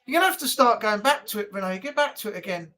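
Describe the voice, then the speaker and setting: A man's voice: high-pitched, animated, fast talker, pushed and bright. A man hosting a casual live chat stream from home, chatty and grumbling, swearing now and then.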